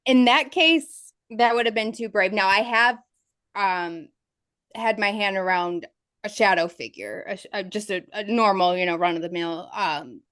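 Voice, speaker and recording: A woman describes her ghost investigations in an interview, telling the story vividly and laughing through its tense moments. Her voice sits at a middle pitch and is recorded dry, with no room around it. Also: normal speed, a bit bright, no echo.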